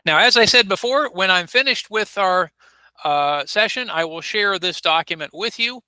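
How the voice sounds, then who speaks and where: A man's voice: sits high, animated, normal speed, pushed and bright, smooth, dry recording, low-quality recording. A man teaching an online English class, patiently repeating words and modeling pronunciation on a video call. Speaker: ESL teacher. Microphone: computer mic on a video call.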